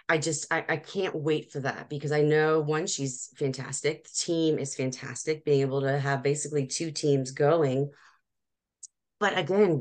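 Low-voiced woman, chatty business owner. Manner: animated storyteller, frequent laughs and restarts. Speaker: professional organizer, guest. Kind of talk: casual interview chat.

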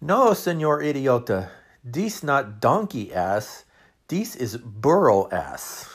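A man's voice: big pitch swings, slow, slightly rough, full character voice. A man doing a teasing waiter with a mock Spanish accent. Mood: smug. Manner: broken English, higher and louder than his own voice. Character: cheerful male restaurant waiter, smug and teasing.

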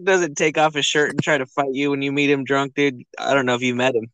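A man's voice: mid-range voice, flat delivery, a little fast, few pauses, fairly bright tone, clear, resonant tone, no echo, rough recording. Laid-back young man bantering, says dude. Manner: laughing, swearing, says dude a lot. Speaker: podcast co-host. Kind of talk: casual podcast banter.

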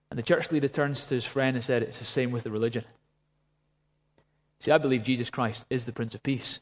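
A man's voice: medium pitch, fairly even intonation, brisk. A man preaching a sermon, telling a story and then praying fervently. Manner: storytelling, rising to fervent prayer. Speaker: pastor.

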